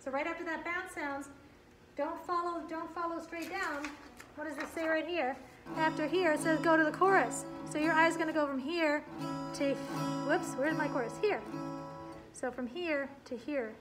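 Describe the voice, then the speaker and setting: High-voiced upbeat woman music teacher. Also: normal speed. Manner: upbeat and encouraging, counts in and explains strums step by step. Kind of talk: group guitar lesson. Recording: roomy sound with guitar playing.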